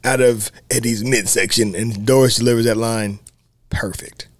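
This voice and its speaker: A man hosting a podcast, chatting casually about a film, animated and laughing often. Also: medium pitch, moderate pace, dry recording. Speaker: podcast host.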